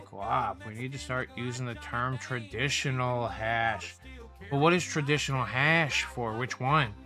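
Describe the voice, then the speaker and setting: A man hosting a casual livestream, telling rambling, profane stories about dispensary customers with lively retellings. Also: mid-range voice. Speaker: livestream host. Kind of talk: casual storytelling chat.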